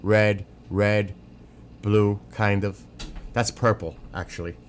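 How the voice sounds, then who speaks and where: A man's voice: fairly low pitch, fairly even intonation, slow pace, slight background noise. A man streaming, giving opinionated, rambling casual commentary and answering chat, swearing now and then. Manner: answers chat viewers by name.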